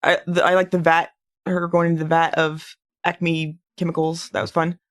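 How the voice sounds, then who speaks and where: Halting voice in casual podcast chat. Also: medium pitch, flat delivery. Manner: halting, many fillers and restarts. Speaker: podcast co-host.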